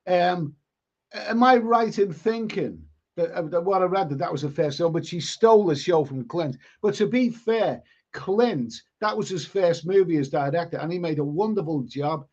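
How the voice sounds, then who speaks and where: A man's voice: sits high, animated, normal speed, a little mellow. Rambling man on a lo-fi stream. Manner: rambling, stumbles and repeats words. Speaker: live stream host reading chat. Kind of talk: casual live stream chat. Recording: lo-fi stream audio.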